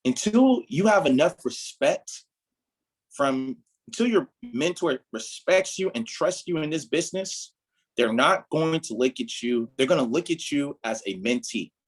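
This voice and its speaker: A man's voice: medium pitch, slightly rough, rough recording. A man leading a motivational training talk for his team as their mentor, emphatic and preachy, often checking in with "right?". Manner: emphatic, repeats "right?", preachy build-ups.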